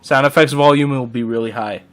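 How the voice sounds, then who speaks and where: A podcast co-host with a mid-range voice chats casually and jokily while playing a game, rambling with quick asides. Heavy background noise runs throughout.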